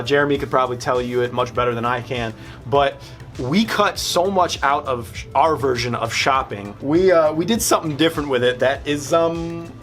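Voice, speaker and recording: A man's voice: mid-range voice, fairly bright tone. A young man casually commenting on his old student film in a rambling, self-mocking way. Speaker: filmmaker reacting to his old films.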